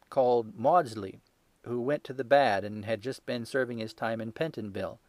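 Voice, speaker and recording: A man voicing a terrified young male hotel thief who pleads desperately with a shrill, high voice. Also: no echo, close to an everyday voice.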